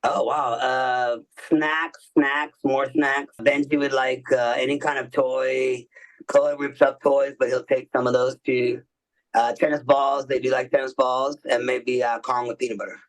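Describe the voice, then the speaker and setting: A man's voice: mid-range voice, little pitch movement, measured pace, distant mic, poor audio. A man guesting on a podcast, chatting in a laid-back, slangy way and laughing often. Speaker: guest musician. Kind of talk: casual podcast interview chat.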